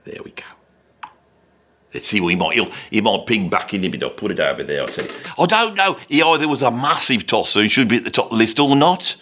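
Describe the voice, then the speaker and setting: A man's voice: on the low side, very animated, fast talker, sharp tone, exaggerated voice. A man playing a grumpy Birmingham rock veteran in his sixties, with a Birmingham accent, rambling, swearing constantly and grumbling in a comic rant. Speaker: comedy character.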